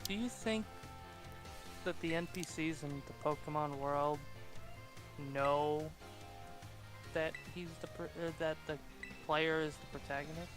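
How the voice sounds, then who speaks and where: A man's voice: fairly high pitch, unhurried, pauses often, music in the background. A man chatting casually on a game stream, joking and teasing his co-host. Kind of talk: casual chat while gaming.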